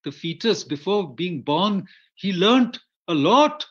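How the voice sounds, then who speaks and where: A man with an Indian English accent gives a storytelling lecture over a video call, rambling with many fillers and restarts. His voice sits a little high for a man. The audio is muffled and lo-fi. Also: lively intonation, slow pace, husky.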